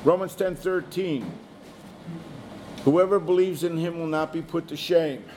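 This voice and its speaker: A man's voice: on the high side, measured pace, a little mellow, slight background noise. A man teaching a small Bible study group in a conversational way, often putting questions to the people in the room.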